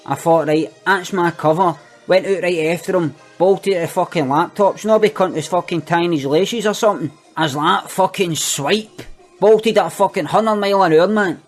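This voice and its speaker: Guy doing a cocky wee glasgow ned, high voice, swears every other word, faint music behind. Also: normal speed. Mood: boastful. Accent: Glaswegian. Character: cocky young Glasgow petty thief, boastful and foul-mouthed. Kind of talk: comic monologue.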